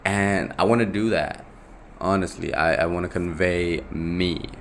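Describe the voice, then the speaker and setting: Young male solo podcaster, very low voice, rambling and self-correcting, light hiss behind. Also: steady tone, measured pace. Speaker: podcast host. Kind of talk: casual solo podcast monologue.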